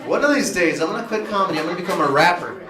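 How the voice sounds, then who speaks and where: A man's voice: high voice, lively intonation, racing. A man doing brash, profane stand-up comedy, teasing the audience in a large comedy club. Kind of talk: stand-up comedy with crowd work. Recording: echoey club with loud crowd laughter.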